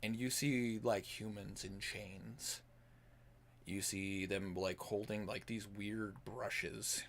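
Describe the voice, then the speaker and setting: A man serves as game master for a tabletop game over an online voice call, narrating loosely with lots of "like," fillers, and restarts. His lowish voice is steady, slow, and fairly bright. There's slight background noise.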